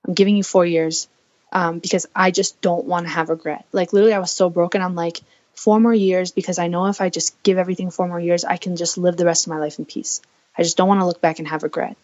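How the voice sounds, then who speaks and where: A woman's voice: on the low side, fairly even intonation, fast, darkish tone, dull audio. A woman in her twenties from the United States, telling her own story earnestly as a podcast guest and voicing her past thoughts aloud. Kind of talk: candid personal storytelling.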